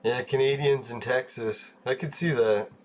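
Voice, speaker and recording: A man's voice: medium pitch, steady tone, moderate pace. Laid-back man chatting on a game stream. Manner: laid-back, chuckling, swears casually. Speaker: live-stream host. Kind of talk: casual live-stream chat while gaming.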